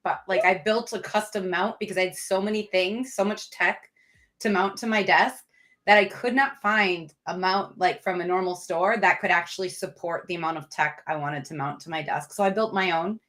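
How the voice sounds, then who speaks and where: A woman's voice: fairly low pitch, moderate pace, fairly bright tone. A woman co-hosting a casual tech livestream, chatty and a little rambling. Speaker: co-host.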